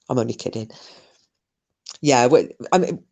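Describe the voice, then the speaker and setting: A woman's voice: low-pitched, normal speed. A Scottish woman hosting a casual livestream, reading viewers' comments aloud and chatting back in a teasing, chatty way with mild swearing. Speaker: livestream host.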